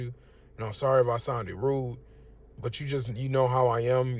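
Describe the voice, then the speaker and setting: Brisk and mid-range in voice, a young man delivers a casual street sermon. He keeps it conversational and emphatic, leaning heavily on "you know what I'm saying."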